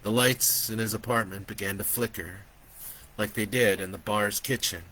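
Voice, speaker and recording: A man reading aloud from his own horror novel in a slow, deliberate storytelling manner. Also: fairly low pitch, fairly even intonation, sharp tone, rough recording. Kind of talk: audiobook narration.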